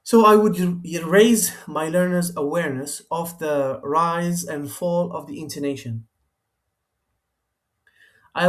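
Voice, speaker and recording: A man, an Arabic speaker, explaining his lesson plan as a teacher in English, hesitant, with many fillers and restarts. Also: fairly high pitch.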